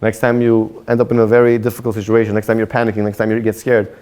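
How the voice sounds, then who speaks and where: A man, a rabbi, telling a story and drawing a life lesson from it in an animated way. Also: lowish voice, quick pace, smooth. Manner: animated storyteller, repeats himself when excited. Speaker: rabbi teaching a Torah class. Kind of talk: storytelling sermon with a moral lesson.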